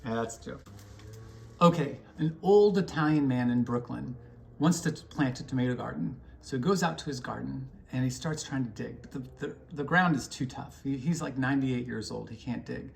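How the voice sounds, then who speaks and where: Gravelly man telling jokes on video. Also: medium pitch, normal speed. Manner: hesitant, with frequent ums and restarts. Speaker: friend sending a get-well video.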